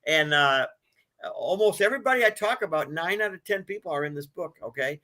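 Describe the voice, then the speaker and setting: A man in his sixties, a book author, telling his life story in an interview, with an animated delivery that swells when he is moved. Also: high-pitched, fast talker. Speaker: author guest.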